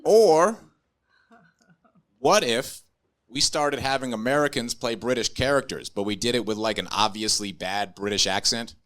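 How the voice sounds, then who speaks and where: A man's voice: mid-range voice, normal speed, a bit bright. A young adult man doing stand-up comedy with a dry, ironic delivery.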